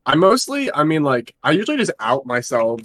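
A man's voice: a little high, very animated, a little fast, fairly bright tone. A young man co-hosting a podcast, chatting casually and rambling with lots of fillers. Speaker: podcast co-host. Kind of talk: casual chat.

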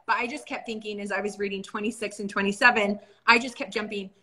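A woman's voice: medium pitch, fairly even intonation, fast talker, bright, forceful tone, slight background noise. A young adult woman co-hosting a casual faith discussion, earnest and storytelling. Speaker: podcast co-host.

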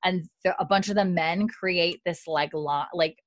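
On her podcast, a young female co-host casually and animatedly recaps a TV episode, performing the characters' lines and using plenty of "like" fillers. Her low voice moves a little slowly, captured in clean studio sound without echo.

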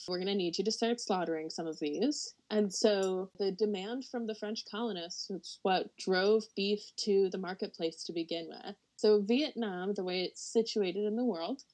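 A woman's voice: medium pitch, darkish tone, rough recording. A woman hosting a podcast, from the United States, talking casually with frequent laughs and fillers. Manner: chatty, laughs often, frequent "like". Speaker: podcast co-host presenting a topic.

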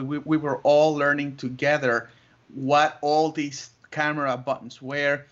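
A man telling his story as an interview guest, lively, laughing often and acting out other voices. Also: a little high. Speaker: interview guest, wedding photographer. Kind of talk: animated storytelling. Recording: muffled lo-fi audio.

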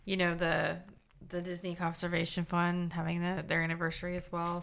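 Woman with a gravelly low voice, chatty. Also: completely flat delivery, normal speed, a bit bright. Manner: chatty, laughs easily, many fillers. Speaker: podcast co-host. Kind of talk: casual podcast chat.

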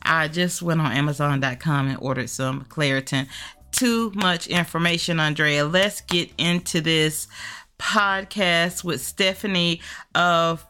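A woman's voice: low voice, unhurried, bright, forceful tone, clear, resonant tone. A woman hosting her own friendship podcast, chatting casually and rambling with self-corrections, a little nasal from allergies. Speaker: podcast host, friendship coach.

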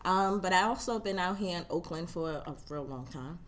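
A woman from Brooklyn as a podcast guest, talking calmly and matter-of-factly. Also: on the low side, normal speed. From Brooklyn, New York. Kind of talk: casual chat.

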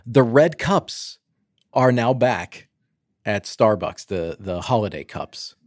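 A man's voice: on the low side, lively intonation, takes it slowly, dry recording, clean studio sound. A man co-hosting a casual talk show, easygoing and joking, with many fillers. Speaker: podcast co-host. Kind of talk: casual chat, news roundup.

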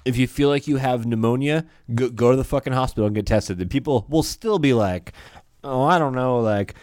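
A man's voice: medium pitch, a little fast, a little mellow, no room sound, studio quality. A young adult man co-hosting a podcast, talking earnestly with lots of "like" and casual swearing. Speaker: podcast co-host. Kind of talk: casual chat.

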